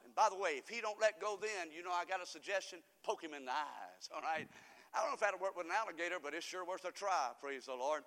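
A man preaching a folksy sermon to his congregation, rambling through stories and swinging from soft asides to loud emphasis. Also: high voice, expressive, fairly quick. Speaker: pastor. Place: church sanctuary. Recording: reverberant church hall.

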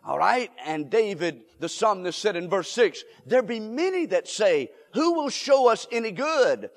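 A male pastor preaching a sermon, building to emphatic shouts and leading the congregation in call and response. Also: high-pitched, very animated, unhurried. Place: church sanctuary. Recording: long hall reverb.

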